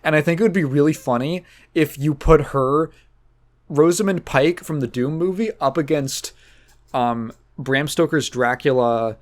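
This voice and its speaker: A man's voice: a little high, a little slow. Rambling young man on a casual podcast. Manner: rambling, with fillers and profanity. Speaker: podcast host. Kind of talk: casual chat.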